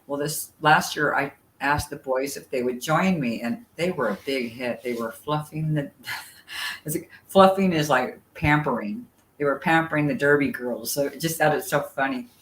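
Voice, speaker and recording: A woman's voice: deep voice, moderate pace, slight background noise. Chatty woman storyteller, roomy sound. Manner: chatty, animated storyteller, many fillers. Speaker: guest. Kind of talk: casual storytelling chat. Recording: roomy sound with faint ambience.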